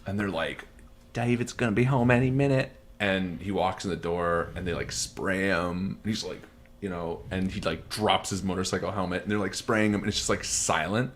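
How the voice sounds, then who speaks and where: A man with a fairly low voice chats casually before a tabletop game stream. He tells stories in a loose, rambling way, full of fillers and the odd curse. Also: fairly even intonation, normal speed, crowd noise. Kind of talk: casual chat.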